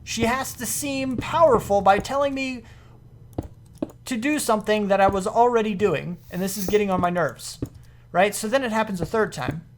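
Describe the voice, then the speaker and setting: A man telling a long personal story while playing a game on his channel, animated and full of restarts, into a desk microphone at home. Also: high-pitched, moderate pace, a little hiss or hum. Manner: rambling, animated anecdote with many restarts. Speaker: gaming YouTuber.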